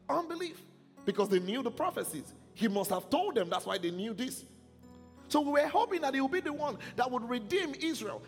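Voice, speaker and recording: A male preacher in full sermon flow. His voice sits high and swings widely in pitch, and he keeps drawing his listeners into call-and-response. The sound carries the long reverb of a large hall, with faint music in the background. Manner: call-and-response, often asks the congregation if they follow.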